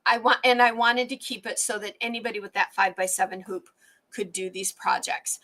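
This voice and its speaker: A middle-aged woman hosts a casual quilting lesson on a live stream. Her voice sits a little high and sounds bright and clear. She chats warmly with her viewers and often restarts her sentences mid-thought. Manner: chatty, warm toward viewers, restarts sentences. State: tired and emotional.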